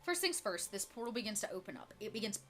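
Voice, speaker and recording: Woman game master, chatty, filler-heavy narration, bright tone. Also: medium pitch, big pitch swings, fast talker. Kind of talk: narrating a tabletop game on a live stream.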